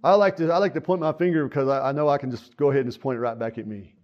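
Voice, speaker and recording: A man's voice: mid-range voice, very fast, highs cut off. A man preaching a sermon in church, earnest and folksy, repeating key phrases and stopping to say "uh" and "so.". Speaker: pastor.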